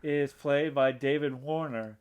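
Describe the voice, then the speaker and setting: With a clean tone and a medium pitch, a podcast co-host speaks in a steady, unhurried way about movies. He rambles casually with lots of restarts and fillers, full of eager film-buff excitement.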